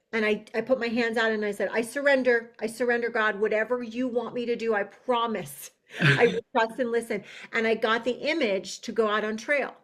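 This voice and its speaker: A woman's voice: mid-range voice, a bit bright. A woman guest on a podcast telling a personal spiritual story in an earnest, emotional way, often restarting her sentences.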